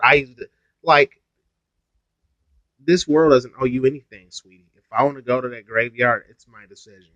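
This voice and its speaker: Young male vlogger, blunt and profane, mid-pitched, dry and lo-fi. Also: a bit bright, dry recording. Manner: blunt, heavily profane ranting. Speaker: YouTuber. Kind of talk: casual storytime vlog. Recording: dull lo-fi sound, dry.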